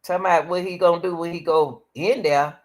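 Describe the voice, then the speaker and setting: A woman's voice: lowish voice, fairly even intonation, a little fast, a little mellow. A woman hosting a reaction stream, pleading and preaching as she comments on a video, often calling out to the Lord.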